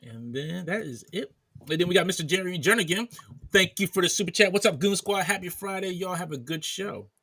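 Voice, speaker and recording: A man's voice: high-pitched, animated, brisk, sharp tone. A man hosting a casual podcast chat, reading off viewer names in a running list. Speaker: podcast host. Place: at home in bed, wearing headphones.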